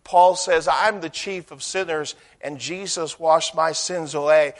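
A man with a high, ringing voice preaches a sermon. He presses hard on key words, then falls soft and low, often repeating a phrase as he gathers force. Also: steady tone, measured pace. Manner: emphatic preaching with swells and drops in loudness, repeating phrases.

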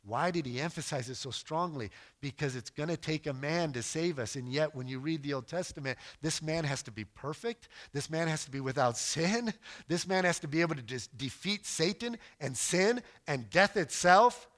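A man's voice: on the high side, a little fast. A man giving an earnest teaching sermon as a missionary preacher, emphatic and storytelling. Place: lives in West Africa.

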